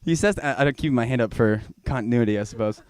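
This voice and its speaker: Telling a rambling, self-deprecating tale, a young man does stand-up in a small comedy bar, now and then breaking into high, loud shouting. He's a fast talker with a clear, resonant tone.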